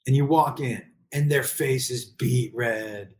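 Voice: medium pitch, takes it slowly, a little mellow. A middle-aged parent giving blunt, profane advice on raising kids in a casual comedic rant.

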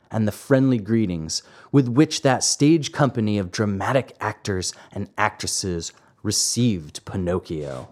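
A man reading a classic children's story aloud, slow and expressive. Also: on the low side. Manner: slow, expressive, acts out the voices. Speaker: narrator.

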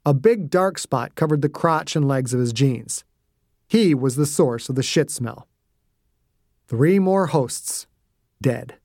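A man reading his own thriller aloud in a steady, gritty narration. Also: medium pitch, slow, pauses often, dry recording, clean studio sound. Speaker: author and narrator. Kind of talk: scripted audiobook narration.

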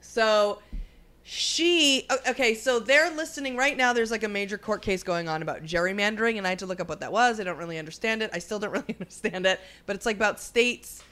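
Profane, bright-voiced woman co-host. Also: medium pitch, a little fast. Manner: crude, profane, rambling. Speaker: podcast co-host. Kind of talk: casual chat.

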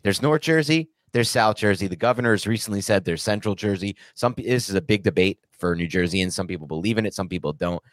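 A low-voiced man talks fast on a podcast, firing off rhetorical questions as he makes his case. He sounds emphatic and sure. The recording is close and dry. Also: no room sound. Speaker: podcast co-host. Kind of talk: casual podcast chat.

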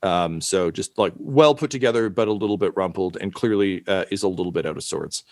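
A man's voice: low voice, fairly quick, no room sound, clean studio sound. A man running a tabletop game as game master, narrating hesitantly with many fillers.

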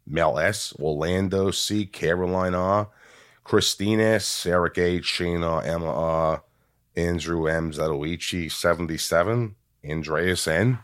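A man with a very deep voice hosts a casual podcast, working through lists of names at an even clip. The sound is dry and close, with no room around it. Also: no room sound. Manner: rattles off long name lists in a steady deadpan. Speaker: podcast host. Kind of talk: casual chat, reading patron names.

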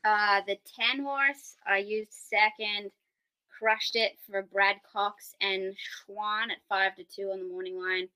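Female analyst, bright tone, steady stat-heavy read. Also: medium pitch, takes it slowly, smooth, low-quality recording. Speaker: guest paddock analyst. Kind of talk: casual handicapping podcast chat.

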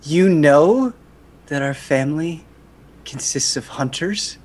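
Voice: mid-range voice, darkish tone. A player voicing a stern older brother who hunts monsters, lecturing solemnly in an improvised tabletop role-play. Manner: solemn, overly earnest lectures, pausing for effect.

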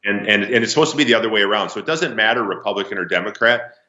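A man's voice: lowish voice, lively intonation, rapid-fire, bright, forceful tone. A man from Minnesota in his forties, a political candidate speaking as a radio guest in an earnest, folksy way. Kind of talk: remote radio interview. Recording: echoey, dull remote line.

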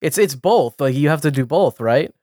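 A man's voice: fairly high pitch, expressive, normal speed, darkish tone, dry recording, studio quality. A man co-hosting a podcast, chatting casually with many restarts and frequent laughter. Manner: rambling, many fillers and restarts, laughs often. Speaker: podcast co-host. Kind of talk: casual chat.

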